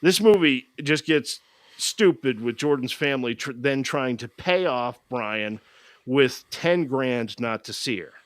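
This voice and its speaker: A man's voice: medium pitch, lively intonation, unhurried, no echo, studio quality. A man hosting a podcast, recapping a movie in a casual, sarcastic, mocking way. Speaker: podcast host.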